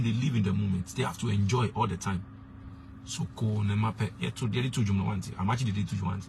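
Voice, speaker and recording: A man's voice: lowish voice, gravelly, noisy background. A young man, a street preacher giving blunt, emphatic advice and slipping into pidgin. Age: young adult.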